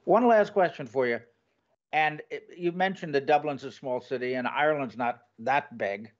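A man's voice: mid-range voice, normal speed. A man with a mid-range voice hosts an interview, eager and laughing often as he draws out his guest. The audio is dull and lo-fi, as if recorded over a call. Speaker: podcast host. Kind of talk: conversational interview.

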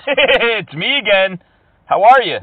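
A taunting man with a New Zealand accent, pitched a little high, makes prank calls and laughs at the people he has reached. His voice sits back from the mic and comes through thin and narrow, like a phone line. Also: animated, slow pace, husky. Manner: mocking, taunting, laughs often. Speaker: prank caller. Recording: distant, phone-like sound.

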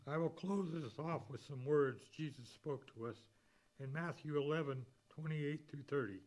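A man preaching a sermon, slowly and deliberately reading scripture and hymn lyrics. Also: a little high, a little mellow, rough recording.

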